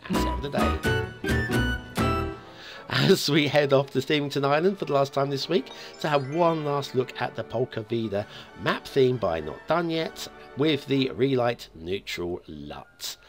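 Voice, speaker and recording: A man's voice: mid-range voice, expressive, a little slow. A man from the UK hosting a map review show, chatting playfully with asides as he looks around. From United Kingdom. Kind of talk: casual game commentary. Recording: faint music behind.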